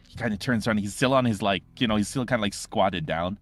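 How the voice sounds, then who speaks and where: Laid-back, halting game master man. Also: lowish voice, fairly bright tone, faint music behind. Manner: casual, halting, many fillers. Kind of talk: narrating a tabletop game.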